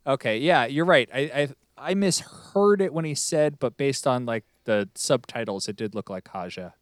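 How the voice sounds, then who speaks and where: A man co-hosting a podcast in a relaxed, chatty way. His voice is smooth and resonant, and the recording is close and dry. He rambles happily and trips over names now and then. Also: medium pitch, moderate pace, no room sound. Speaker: podcast co-host. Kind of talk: casual chat about a TV show.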